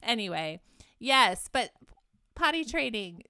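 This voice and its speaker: A woman co-hosting a casual podcast, chatting with quick asides and frequent laughter. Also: fairly high pitch, big pitch swings, background noise. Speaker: podcast co-host. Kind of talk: casual chat.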